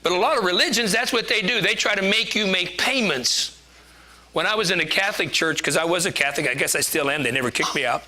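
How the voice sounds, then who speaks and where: A man's voice: sits high, fast talker, bright, forceful tone. A man giving a conversational sermon, chatty and joking, laughing at himself as he preaches.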